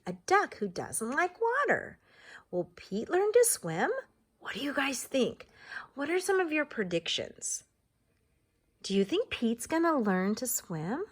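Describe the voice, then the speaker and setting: A woman's voice: on the high side, a bit bright. A woman teacher reading a story aloud to young children, encouraging them and asking many questions.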